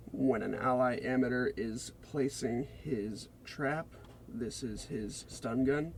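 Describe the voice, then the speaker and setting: A man reading out a scripted, deliberate presentation of a character concept for a game. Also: mid-range voice, a little mellow, slight background noise. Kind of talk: read-aloud character pitch.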